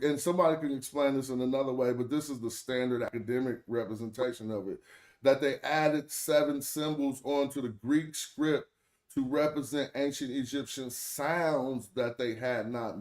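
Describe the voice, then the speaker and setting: A man hosting a casual stream discussion, his voice sitting at an ordinary middle pitch. He talks loosely and with emphasis, in a streetwise way. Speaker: stream host.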